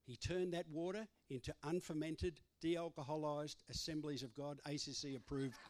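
A man's voice: on the high side, steady tone, moderate pace, a little mellow. A man preaching a sermon, emphatic and given to repetition. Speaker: pastor.

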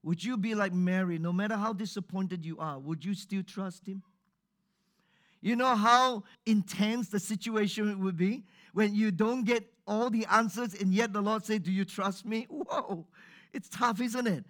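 Male preacher, high voice, sermon in church, lively, asks the congregation questions. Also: measured pace. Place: church before a live congregation.

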